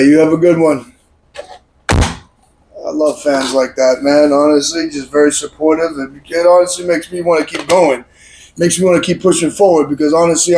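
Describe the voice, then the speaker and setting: A man hosting a comedic call-in show, boisterous and profane, repeating phrases and shouting. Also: on the high side, slight background noise, poor audio. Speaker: host.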